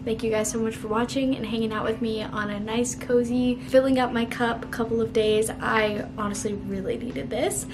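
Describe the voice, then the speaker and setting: Cooking at home, a twenty-something vlogger talks chattily to the camera in a voice on the high side, her kitchen giving the recording an echoey quality.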